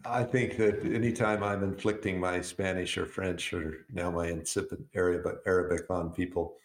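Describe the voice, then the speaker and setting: A man co-hosting a casual talk show, telling stories in a relaxed way with frequent chuckles. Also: deep voice, normal speed. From United States. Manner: relaxed storyteller, chuckles often. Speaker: co-host. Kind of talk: casual conversation. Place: Southeast Arizona. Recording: roomy echo.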